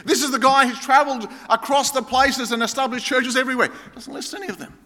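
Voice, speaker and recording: A man's voice: extremely high pitch, fairly even intonation, fast, bright, forceful tone. A Greek-born man preaching a sermon as a pastor, telling stories with playful banter before turning earnest. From Greece. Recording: hall reverb.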